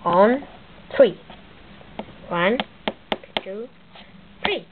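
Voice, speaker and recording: A woman's voice: medium pitch, extremely slow. A woman voicing a childish, spiteful male plumber who plots against his brother, speaking broken English over a tinny, hissy line. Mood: scheming. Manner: broken English, excitable narration of a toy skit. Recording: tinny lo-fi with loud hiss.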